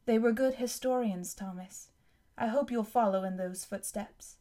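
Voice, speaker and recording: A woman's voice: on the high side, moderate pace, close to an everyday voice. Genial middle aged explorer guy, kind and teasing, read by a woman, storybook voice. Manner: genial, kindly, gently teasing. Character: warm, charming middle-aged male explorer.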